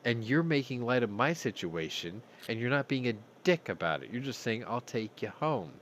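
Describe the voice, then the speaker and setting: A man's voice: mid-range voice, big pitch swings, moderate pace, fairly bright tone, slight background noise. A man hosting a news commentary show, talking bluntly with heavy profanity and open anger. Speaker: host.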